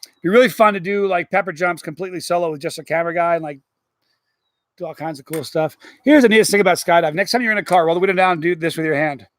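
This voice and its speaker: A middle-aged man hosting a casual live stream, rambling through stories and chatting with viewers in an animated way. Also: sits high, fast talker, dry recording.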